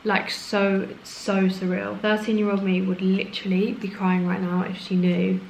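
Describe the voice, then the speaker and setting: A woman in her twenties vlogging casually to camera, chatty and excitable, now and then hushed and emotional. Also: medium pitch, moderate pace, creaky, a little hiss or hum. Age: 20s. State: has a headache. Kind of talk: casual vlog chat to camera. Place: home office room, indoors. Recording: echoey room.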